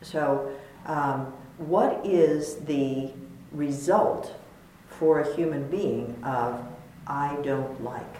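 A woman leading a spiritual question-and-answer session, playful and thoughtful, pausing often with fillers. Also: deep voice, mellow. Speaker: spiritual teacher. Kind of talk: dharma talk Q&A. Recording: echoey hall, faint noise.

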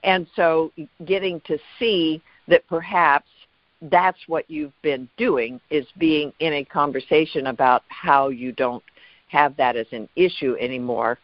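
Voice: medium pitch, steady tone, measured pace, no room sound, highs cut off. A talk-show host who responds to a caller with frequent affirmations and playful asides. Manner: affirming, many backchannels, playful. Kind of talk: supportive talk-show conversation.

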